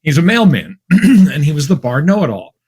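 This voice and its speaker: A man's voice: on the high side, very animated, normal speed, darkish tone, slightly rough. A man from Massachusetts, an academic guest on a podcast, talking in a chatty, wry, anecdotal way. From Massachusetts, USA. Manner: chatty, anecdotal, wry, with many fillers and restarts. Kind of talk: podcast interview conversation.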